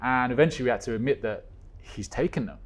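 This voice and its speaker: A man guest in a relaxed interview, telling an anecdote with lively energy. His voice sits in a middle register and rises and falls often as he gets into the story. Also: fast talker. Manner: animated storyteller with swings in pitch and loudness. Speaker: guest, co-creator of a stage musical. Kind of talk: casual chat.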